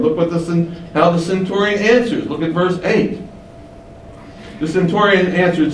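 Guy teaching bible, a bit high voice, faint hiss behind, far from mic. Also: expressive, moderate pace. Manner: explains, asks rhetorical questions, shifts pitch for emphasis. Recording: echoey room, distant mic, faint hiss.

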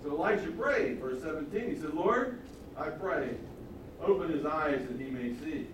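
A man teaches from the Bible, retelling the story with lively acted-out voices. His voice sits a little high. He is recorded from a distance in a very echoey hall with faint background noise. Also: normal speed. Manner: animated storytelling, acts out voices of the characters. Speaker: preacher.

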